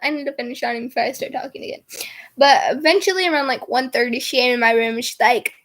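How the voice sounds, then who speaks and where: A young woman with a notably high voice chats on camera in a loose, rambling storytime style. She giggles often and strings her story together with filler words, keeping it casual and unpolished. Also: quick pace, fairly bright tone. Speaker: vlogger.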